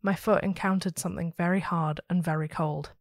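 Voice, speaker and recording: A woman hosting a story podcast, reading a listener's ghost story aloud with steady, expressive storytelling. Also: lowish voice, fairly quick, dry recording, studio quality.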